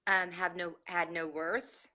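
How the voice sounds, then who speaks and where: A woman life coach opening a live online masterclass over a video call, excited and emotional, laughing often. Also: on the low side, slow pace, poor audio.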